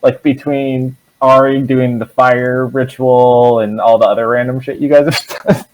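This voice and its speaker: A man with a mid-range voice narrates a tabletop game as dungeon master. He talks in a relaxed, rambling way and fills pauses with "um" and "like". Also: medium pitch, low-quality recording. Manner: relaxed, rambling, filler-heavy.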